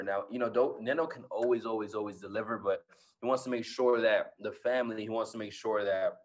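A man in his twenties, a guest speaker telling motivational stories with lots of energy. He repeats his phrases and keeps asking the audience "right?". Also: on the low side. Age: 20s. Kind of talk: motivational storytelling.

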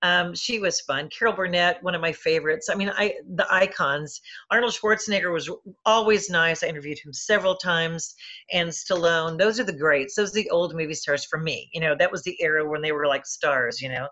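A woman's voice: low-pitched, a little fast, fairly bright tone, lo-fi sound. A woman film critic telling chatty anecdotes about stars in an interview, with many restarts. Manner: chatty, lots of fillers and restarts.

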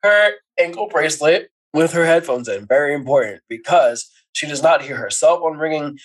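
A man co-hosting a casual podcast, recapping a movie with lively storytelling and playful asides. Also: fairly high pitch, moderate pace, poor audio. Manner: animated storytelling, acts out characters' lines with laughs. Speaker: podcast co-host.

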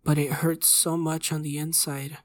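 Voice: mid-range voice, little pitch movement, moderate pace, natural voice. Narrator voicing a terrified dying young man. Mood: pleading. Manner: pleading, panicked, breaking into sobs. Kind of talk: horror story reading.

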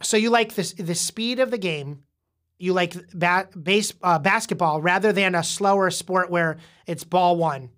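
A woman's voice: fairly low pitch, measured pace, a bit bright. A woman hosting a casual podcast, patiently explaining and quizzing a young guest, often restarting her words. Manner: frequent repeated restarts. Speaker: podcast host interviewing a young child.

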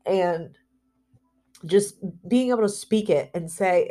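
A woman speaking earnestly in a motivational talk, slowing down to stress key words. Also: medium pitch, mellow. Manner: earnest, emphatic, slows down for emphasis.

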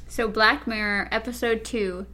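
A woman's voice: a little high, fairly even intonation, a little slow, bright, forceful tone. A woman co-hosting a podcast in casual review chat, easygoing and often giggling. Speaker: podcast co-host.

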